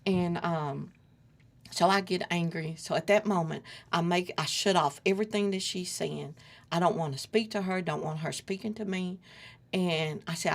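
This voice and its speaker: Gravelly-voiced woman telling her story. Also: fairly low pitch, normal speed. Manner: earnest, lively retelling with quoted dialogue. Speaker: interview guest. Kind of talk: casual personal storytelling.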